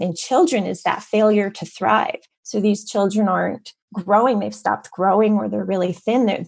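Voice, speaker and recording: A woman talking on a podcast interview, her voice carrying a slightly gravelly, fry-touched texture. She explains things steadily and in detail, at a medium pitch. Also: darkish tone. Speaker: author guest.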